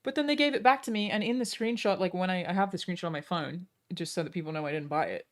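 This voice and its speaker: A woman's voice: lowish voice, fast talker. A woman streamer in casual chat, blunt and exasperated, swearing freely.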